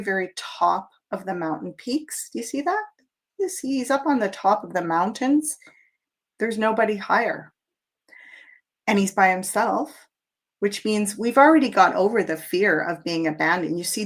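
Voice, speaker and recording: A middle-aged woman hosting a live tarot show, talking in a chatty, reflective way with plenty of fillers. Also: mid-range voice. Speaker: tarot reader.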